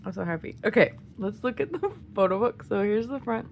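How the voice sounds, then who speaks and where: Giggly excitable woman with a gravelly voice. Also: medium pitch, a little fast, dull audio, a little hiss or hum. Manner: excitable, gushing, giggly, often half-whispered. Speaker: vlogger unboxing albums. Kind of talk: casual unboxing chat.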